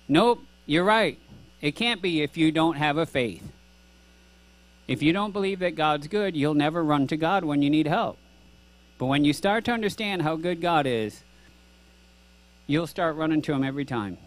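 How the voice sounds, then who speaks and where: A man's voice: a little high, animated, a little slow, pauses often. A middle-aged male pastor giving an earnest, conversational sermon, asking rhetorical questions and acting out both sides of a dialogue. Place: church sanctuary.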